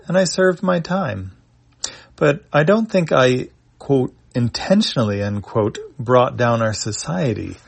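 A man reading aloud and voicing a remorseful female alien who once did wrong, in a higher, halting voice. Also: gravelly, slightly rough, full character voice.

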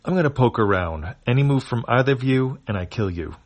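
A man's voice: medium pitch, lively intonation, a little fast, pitched above the performer's own voice, natural voice. A man doing a curt, threatening dog alien. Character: armed dog-like alien, menacing.

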